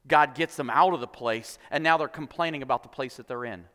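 A man's voice: medium pitch, a little fast, sharp tone. A man preaching a sermon, telling the story playfully with quoted voices and jokes. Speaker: pastor. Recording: long hall reverb.

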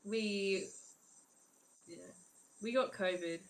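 A woman's voice: medium pitch, very slow. A young woman co-hosting a podcast in casual chat, giggly and swearing, jumping between jokes. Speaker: podcast co-host. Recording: echoey room.

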